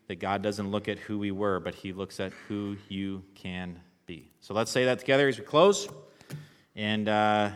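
A man preaching a sermon as pastor, relaxed and conversational, joking with the congregation. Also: on the low side, clean tone, in a large hall.

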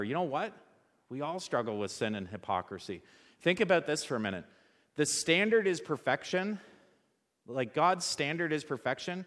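Casual, animated male preacher in a church with long reverb. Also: a little high, normal speed. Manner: conversational, animated, asks the audience rhetorical questions. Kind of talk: sermon.

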